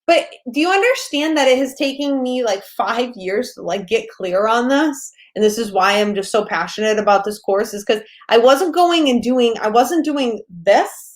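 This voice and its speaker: A fairly high-voiced woman coaching business owners in a loose, chatty course session. She talks loudly and excitably, swears freely and laughs often. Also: normal speed, few pauses. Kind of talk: casual course lecture.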